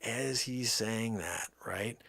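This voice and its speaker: A middle-aged man making a comedic prank phone call, rambling and exasperated, swinging between low mutters and loud outbursts. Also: slow pace, gravelly, breathy edge, no room sound. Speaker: prank caller.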